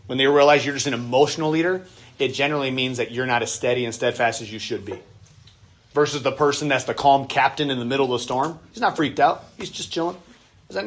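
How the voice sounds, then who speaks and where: A man's voice: medium pitch, brisk. A man, a pastor, teaching a church workshop on parenting in a casual, conversational way, now and then acting out the voices of kids and parents.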